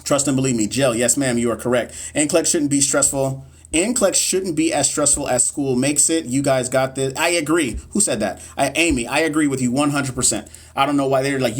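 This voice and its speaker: A man's voice: medium pitch, brisk. A young man tutoring nursing exam questions on a phone livestream, speaking casually and bluntly with slang, reading questions aloud and encouraging viewers. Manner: reads quiz questions aloud, then chats with viewers. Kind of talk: live-streamed Q&A teaching.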